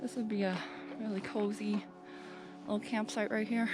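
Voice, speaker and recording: Slow-talking woman vlogging on a hike. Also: on the high side, fairly bright tone, soft background music. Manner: chatty, playful, self-talking with fillers. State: out of breath. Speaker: hiking vlogger. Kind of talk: casual vlog while hiking. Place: mountain trail outdoors.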